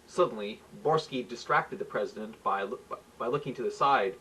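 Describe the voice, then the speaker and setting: A man's voice: medium pitch, normal speed, a bit bright, breathy edge. A man reading his own stories aloud at home, in a plain manner with small slips and restarts. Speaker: amateur writer reading his own work. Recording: faint hiss, mic far off.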